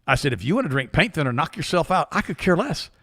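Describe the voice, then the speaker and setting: An older man co-hosting a talk show tells stories with a quick, animated delivery. His voice is gravelly and bright. His pitch swings widely as he acts out the people he quotes. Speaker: co-host. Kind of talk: casual storytelling chat.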